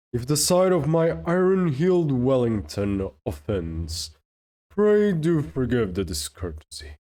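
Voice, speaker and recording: A streamer reading the lines of a haughty, aristocratic male prosecutor in a video game, slow and disdainful. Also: medium pitch, sing-song, dark tone. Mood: scornful.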